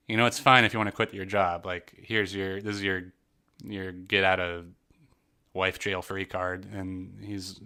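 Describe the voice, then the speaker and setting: A man's voice: low-pitched, pushed and bright. A man co-hosting a casual movie podcast, rambling with many fillers and sarcastic asides, laughing often. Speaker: podcast co-host.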